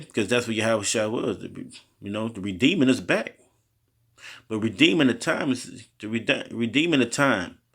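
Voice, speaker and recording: A man's voice: fairly low pitch, fairly bright tone. A man teaching scripture in a loose, slangy style, reading verses aloud and breaking in with his own asides. He often stumbles and restarts over hard words. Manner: halting over word pronunciations, restarting often. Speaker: street preacher teaching scripture. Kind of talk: informal Bible teaching.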